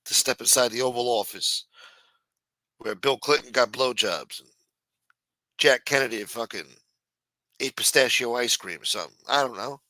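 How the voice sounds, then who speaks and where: A man's voice: mid-range voice, moderate pace, pauses often, sharp tone, no echo, poor audio. A man hosting a livestream, with brash, profane, mocking news commentary. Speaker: livestream host. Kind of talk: casual news commentary on a stream. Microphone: streaming mic.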